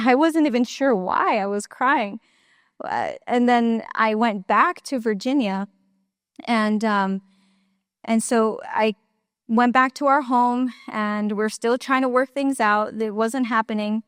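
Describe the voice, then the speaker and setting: A woman's voice: a little high, smooth, dry recording, clean studio sound. A young woman giving a personal testimony at a church conference, talking casually with lots of fillers and little laughs. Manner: conversational storytelling with many fillers, laughs often. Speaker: conference speaker.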